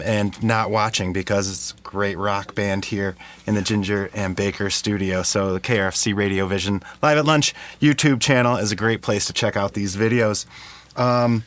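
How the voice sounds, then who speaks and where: A man's voice: lowish voice, fairly bright tone. A man hosting a live lunchtime radio show in a studio, chatting casually with a band and laughing easily. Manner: easygoing, many ums and quick laughs. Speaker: radio host. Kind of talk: casual interview chat.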